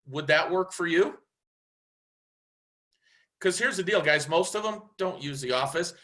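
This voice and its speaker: A man coaching real estate agents in a casual, animated way, acting out the dialogue he quotes. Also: a little high, a little slow. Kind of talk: casual sales coaching talk.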